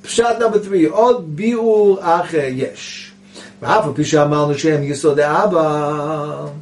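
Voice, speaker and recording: A man's voice: a little high, takes it slowly, darkish tone, a little hiss or hum. Man teaching a Kabbalah text. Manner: reads Hebrew text aloud then explains in English; explanatory, rhetorical questions. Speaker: Torah teacher. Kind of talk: Kabbalah text study lesson. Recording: voice picked up from a distance.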